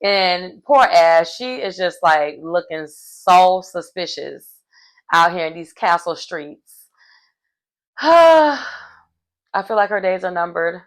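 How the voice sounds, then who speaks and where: A woman's voice: on the low side, measured pace. A woman giving casual recap commentary on a reality TV episode, chatty and slangy with wry asides.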